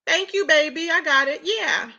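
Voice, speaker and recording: A woman hosting a casual live-stream gossip chat, animated and full of loud exclamations. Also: sits high, normal speed, gravelly, dull audio, a crowd in the background.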